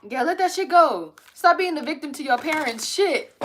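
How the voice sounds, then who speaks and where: Blunt, laughing woman with a higher voice. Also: expressive, moderate pace, noisy background. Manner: blunt, profane, laughing, with reading-aloud passages. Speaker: spiritual self-help host. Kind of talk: casual spiritual pep talk to viewers. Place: at home.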